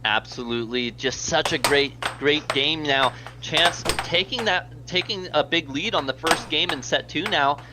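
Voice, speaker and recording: Over a noisy background, a slightly high-voiced American man calls live air hockey play-by-play at a measured pace with hardly any pauses. His voice is nearly giving out, and he rambles chattily, thanking donors between plays.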